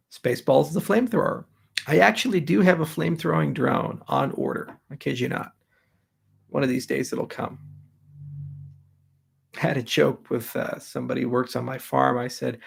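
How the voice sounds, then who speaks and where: Gravelly man joking through viewer questions. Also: medium pitch, steady tone, moderate pace, long pauses. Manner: wry, joking, offhand. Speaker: host answering audience questions. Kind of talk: casual live Q&A.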